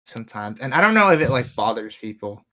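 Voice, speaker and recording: A man's voice: medium pitch, sing-song, fast, sharp tone. A young man co-hosting a podcast, chatting casually and hesitantly, often saying dude. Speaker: podcast co-host. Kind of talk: casual chat.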